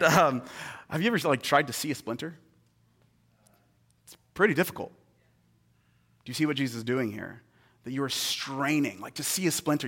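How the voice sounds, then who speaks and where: A young adult man giving a casual, conversational sermon as a pastor, swinging between hushed asides and excited storytelling. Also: mid-range voice.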